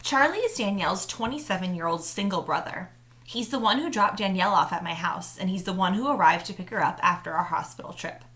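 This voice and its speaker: A woman's voice: mid-range voice, a little fast. A woman teacher reading a children's novel aloud to her students in first-person narration. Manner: warm, friendly greeting, then steady narration. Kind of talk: read-aloud storytelling for students.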